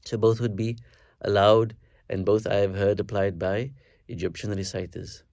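A man with a fairly low voice teaches a recitation lesson in a measured, explanatory way. He slows down to demonstrate words carefully. The sound is close and dry, with no room around it. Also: fairly even intonation, creaky, darkish tone, dry recording. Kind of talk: instructional lesson with recited verses.

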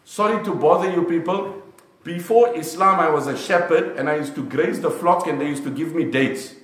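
A man's voice: fairly high pitch, moderate pace, fairly bright tone, voice pushed up, lightly acted. A man preaching acts out a humble male leader apologizing earnestly to a gathered crowd. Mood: apologetic. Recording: echoey room.

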